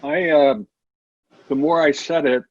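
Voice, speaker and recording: A man speaks candidly, with a slightly wry edge. His voice is raspy, and it comes through dry and muffled over a video call. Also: on the high side, fairly even intonation, unhurried, no echo. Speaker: workshop participant.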